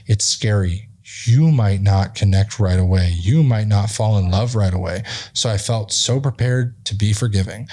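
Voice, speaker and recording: A man's voice: on the low side, warm tone. A man hosting a podcast, reading a magazine article aloud with restarts and his own asides. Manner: reads haltingly with restarts and asides. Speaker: podcast host.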